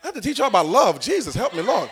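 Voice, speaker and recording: High-pitched, animated preacher man. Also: rapid-fire, breathy edge. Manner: animated, joking, coaxing the congregation. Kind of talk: live sermon.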